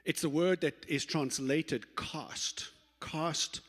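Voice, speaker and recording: Middle-aged guy preaching, mid pitch, acts out the voices, long church hall echo. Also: measured pace. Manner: lively storytelling, acts out quoted voices, self-correcting restarts. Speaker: pastor. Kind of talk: sermon. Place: church sanctuary.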